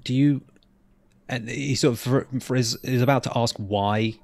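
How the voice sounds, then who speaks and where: A man's voice: medium pitch, normal speed, no echo. A man playing in a tabletop game, talking hesitantly and repeating words as he describes his character. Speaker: player.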